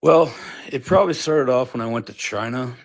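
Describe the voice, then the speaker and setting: A man's voice: medium pitch, a little fast. A man being interviewed who answers in a laid-back, fumbling way and swears casually.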